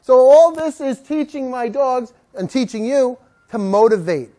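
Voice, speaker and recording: A woman's voice: high-pitched, animated, unhurried, mellow. A woman dog trainer teaching a live class, telling stories, acting out dogs and owners, and coaxing the group to repeat words after her.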